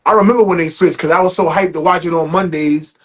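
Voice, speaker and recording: A man with a husky voice, pitched a little high, hosts a casual podcast. He is relaxed and supportive, and he often trips over and restarts his sentences. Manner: relaxed, affirming, halting restarts.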